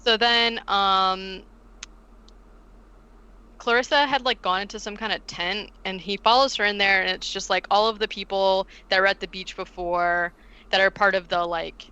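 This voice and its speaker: A woman's voice: mid-range voice, normal speed, smooth, muffled recording. A woman co-hosting a podcast, casually retelling a film plot with lots of "like" and acted-out quotes. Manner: animated, heavy use of "like", acts out quotes. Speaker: podcast co-host recapping a film. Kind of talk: casual chat.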